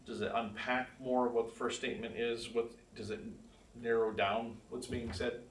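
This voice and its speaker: Medium in pitch with little pitch movement, this man speaks at a moderate pace while leading a church Bible class. His manner is relaxed and conversational as he quizzes the class and reads verses out with emphasis. The recording has echo, distance from the mic and a faint hiss.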